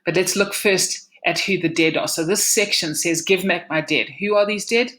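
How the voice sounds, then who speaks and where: A woman's voice: low voice, fairly bright tone, rough recording. A woman from South Africa giving a recorded lesson on a poem, explaining steadily and often restarting or repeating words mid-sentence. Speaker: literature teacher. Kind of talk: recorded lecture.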